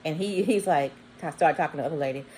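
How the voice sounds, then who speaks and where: A woman's voice: sits low, quick pace, a little hiss or hum, rough recording. Chatty woman telling a story. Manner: animated, acts out quoted voices with bleeped words. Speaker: vlogger. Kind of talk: casual storytelling.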